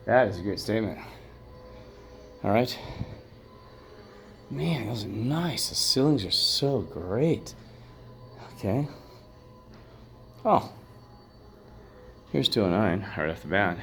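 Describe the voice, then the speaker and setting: A man's voice: mid-range voice, animated, slow pace, long pauses, a little hiss or hum. A man exploring an old hotel, musing to himself as he walks, and at times calling out firmly to a spirit. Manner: calls out commandingly to a spirit. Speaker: paranormal investigator vlogger. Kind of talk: rambling walk-through commentary.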